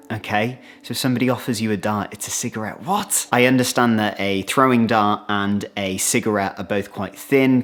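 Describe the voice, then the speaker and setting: A British man in a casual explainer vlog, chatty and animated, acting out little quoted exchanges as he talks. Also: fairly low pitch. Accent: British English. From Britain. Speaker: vlogger. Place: outdoors, then moving inside.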